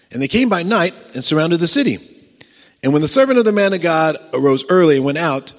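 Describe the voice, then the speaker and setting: A man preaching a sermon, telling a story with lively acted-out voices and chuckles and putting questions to the congregation. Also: mid-range voice. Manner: animated storytelling, acts out voices, chuckles, asks the crowd questions. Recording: long reverb of a large hall.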